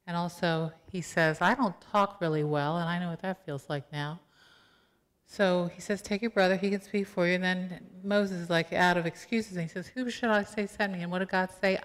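A woman pastor giving a conversational sermon, animated and playful, acting out quotes with asides to the congregation. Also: on the low side, fairly quick. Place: church sanctuary. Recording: long church hall reverb.

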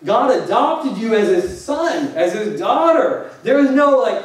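High-voiced preacher in an echoey hall. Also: male voice, big pitch swings, measured pace, few pauses. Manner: conversational, jokey preaching with rhetorical questions to the congregation. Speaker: pastor. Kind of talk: sermon. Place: church hall. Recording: echoey hall, distant mic.

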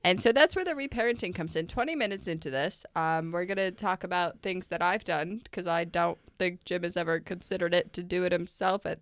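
A woman co-hosting a podcast in casual conversation, earnest and animated, with many "like" fillers. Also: fairly low pitch, fairly quick, few pauses, no room sound. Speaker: podcast co-host.

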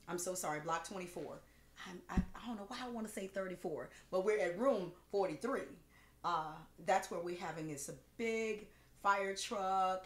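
A woman hosting a cooking livestream, chatting casually, with gushing, rambling thanks full of fillers, emotional and close to tears. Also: lowish voice. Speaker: cooking show host. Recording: roomy echo with faint music.

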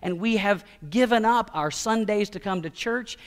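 A man's voice: sits high, normal speed. A middle-aged male pastor preaching a sermon in a conversational way, acting out quoted voices and restarting words as he goes.

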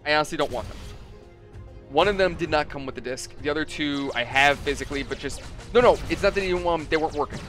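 A man's voice: fairly high pitch, fast talker, fairly bright tone, faint music behind. Chatty man telling a work story. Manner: chatty, profane, acts out customers in quotes. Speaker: gaming channel host. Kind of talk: casual story-telling over gameplay.

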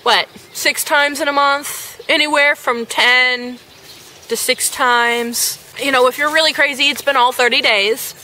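A woman's voice: high voice, fairly even intonation, measured pace, bright, forceful tone, slight background noise. A young adult woman ranting sarcastically about magazine quiz advice, cussing freely and repeating herself for emphasis. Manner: sarcastic, exasperated, emphatic repetitions; cusses freely. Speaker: vlogger reviewing a magazine quiz. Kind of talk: ranting commentary.

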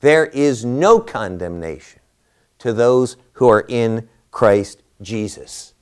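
A man's voice: medium pitch, expressive, takes it slowly, smooth. A man teaching a Bible class, lecturing through a passage and posing rhetorical questions to his listeners.

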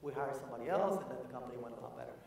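A man giving an energetic motivational conference talk. He repeats his key phrases and asks the audience questions. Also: mid-range voice, racing. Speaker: keynote speaker. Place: large conference hall. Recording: echoey hall from far off.

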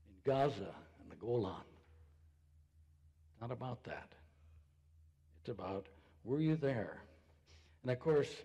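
Slow, husky male pastor in a reverberant church. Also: medium pitch, warm tone. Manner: rhetorical questions, slow and deliberate. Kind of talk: sermon. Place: church sanctuary.

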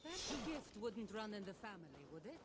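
A woman's voice: mid-range voice, very animated, moderate pace, close to an everyday voice. A woman playing a wry, ageless wandering warrior. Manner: playful, probing questions. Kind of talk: video game dialogue. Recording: game audio with clear background noise.

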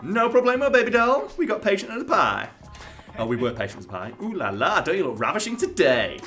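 A man voicing a loud, quick-tempered male TV director in a game, reading the dialogue in a showy, theatrical way. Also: high-pitched, wildly swooping pitch, soft background music, voice pushed up, heavily acted. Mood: gushing. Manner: showy, theatrical, sudden outbursts.

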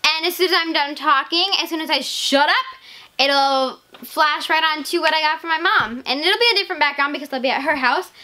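A teenage girl vlogging casually to camera, gushing and excitable, full of "like" and "legit.". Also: high-pitched, a little fast. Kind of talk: casual haul vlog.

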